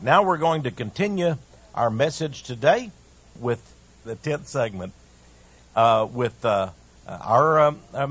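A man preaching a radio sermon in an impassioned, emphatic way, with a husky voice. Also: mid-range voice. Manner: impassioned, emphatic, rising and falling.

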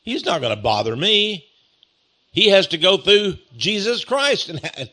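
Chuckling Texan man, lively sarcastic drawl. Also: a little high, moderate pace. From East Texas. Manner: chuckling, drawling, sarcastic, repeats phrases with mock pride. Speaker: host. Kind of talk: monologue reading and mocking a critical article.

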